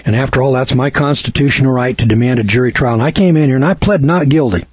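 A man's voice: medium pitch, fast, husky, no echo. A man giving a seminar lecture, telling a story in a folksy, colloquial, emphatic way, on a dull lo-fi recording. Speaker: seminar speaker.

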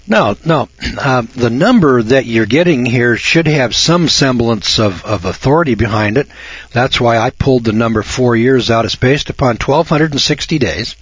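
An older man from the United States holds forth as a radio host in a folksy, emphatic monologue. His voice sits in a middle pitch with a slightly husky edge. The sound is dry and dull, like lo-fi broadcast audio. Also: no room sound. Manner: folksy, emphatic, repeats himself, mocks callers in a raised voice. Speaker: radio talk show host.

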